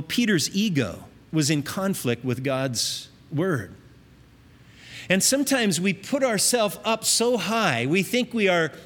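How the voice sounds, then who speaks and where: A man's voice: fairly high pitch, fairly bright tone, big-room sound. A man preaching a sermon, teaching in an earnest, conversational way with emphatic rises.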